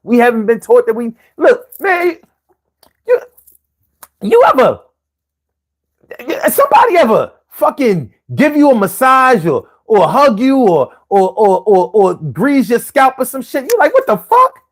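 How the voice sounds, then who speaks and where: A man's voice: very high-pitched, big pitch swings, a little slow. A man in his forties hosting a live stream, talking emphatically and profanely, with many restarts and repeated words. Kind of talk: casual chat.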